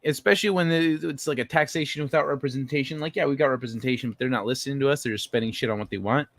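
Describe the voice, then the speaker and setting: A man's voice: medium pitch, very fast, a bit bright, no room sound. A man hosting a casual livestream, reading chat messages aloud and answering them in a blunt, profane way.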